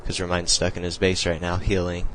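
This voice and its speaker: A man's voice: low voice, monotone, brisk, fairly bright tone, a little hiss or hum, low-quality recording. A young man casually talking through a strategy game replay, explaining moves in a loose, rambling way with many fillers. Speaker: replay commentator.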